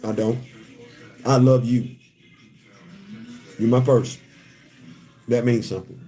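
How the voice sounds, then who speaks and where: A man's voice: medium pitch, fairly even intonation, slow, dark tone, faint music behind. A man in his fifties hosting a casual live stream, laughing often, restarting sentences and turning heartfelt. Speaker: livestream host.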